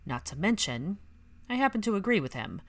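A woman's voice: mid-range voice, very animated, voice pushed up. Woman reading as a reserved, firm young wizard. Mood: firm, reluctant. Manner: measured, firm, reluctant.

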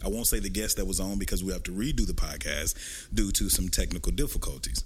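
Man, podcast host, AAVE speech, deep-ish voice, rowdy profane banter, faint hiss behind. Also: fast talker. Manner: loud, profane, laughing banter. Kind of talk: casual chat.

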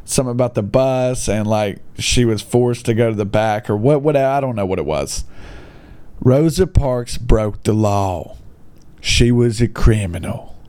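A man's voice: mid-range voice, a little slow, mellow, clear, resonant tone, dry recording. A young man giving casual comedic commentary as he reads classified ads aloud, sarcastic and incredulous. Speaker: online video host reading classified ads.

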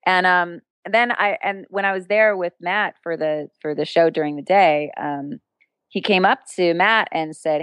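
Appearing as an interview guest, this street performer and entertainer tells an anecdote at normal speed, with no echo. She's animated and laughs often, leaping into higher voices to act out the people she quotes.

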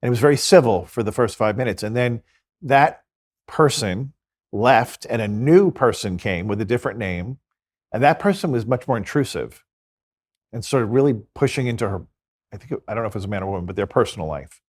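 A Catholic priest and exorcist talks earnestly in an interview, telling stories that include quoted dialogue. His voice is fairly low, with lively intonation and a brisk pace.

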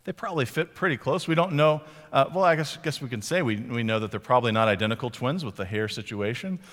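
A man's voice: mid-range voice, lively intonation, fast talker, fairly bright tone. Man preaching in a reverberant hall. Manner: conversational, reflective, with filler words. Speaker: pastor. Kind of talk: sermon.

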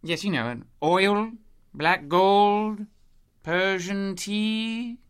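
An actor playing a pompous, fussy English gentleman explorer with an English accent. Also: mid-range voice, very animated, brisk. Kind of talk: audio drama acting.

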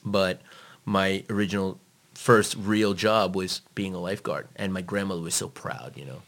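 A man's voice: low voice, steady tone, normal speed, fairly bright tone. A man telling stories in a casual chat, blunt and emphatic, swearing often. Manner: blunt, heavily profane, emphatic.

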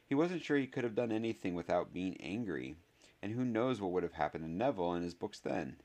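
A man reading a novel aloud as a narrator, in a steady, measured storytelling manner. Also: low-pitched. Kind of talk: scripted audiobook narration.

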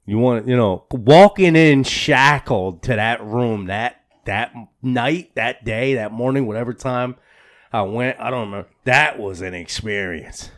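A man co-hosting a casual podcast, telling a story in a loose, rambling way. He stumbles over his words and starts sentences over and over. His talk is slangy and full of swearing, and his voice sits at an ordinary middle pitch. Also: unhurried. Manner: rambling, repeats words and restarts often; slangy and profane, says "bro" a lot. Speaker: podcast co-host.

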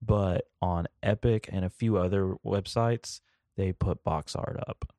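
A young man hosts a casual podcast in an easygoing, rambling way, full of fillers. His voice is very deep. The sound is dry and close to the mic. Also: steady tone, measured pace, warm tone, no room sound. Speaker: podcast host and editor. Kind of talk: casual chat.

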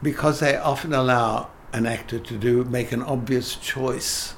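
A man's voice: mid-range voice, steady tone, measured pace, fairly bright tone, a little hiss or hum. An older man, a theatre director telling emphatic anecdotes in an interview, often restarting his sentences. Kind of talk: interview conversation.

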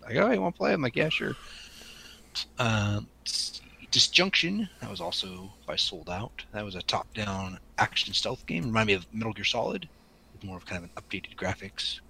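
A man's voice: fairly low pitch, big pitch swings, moderate pace, vocal fry, pushed and bright, a little hiss or hum, low-quality recording. A man from the Pacific Northwest, co-hosting a podcast in casual chat, rambling with ums and restarts. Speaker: podcast co-host.

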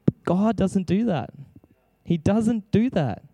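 A man's voice: high voice, lively intonation, slow, dark tone, no echo. A man preaching an impassioned sermon, exclaiming and acting out prayers as he speaks.

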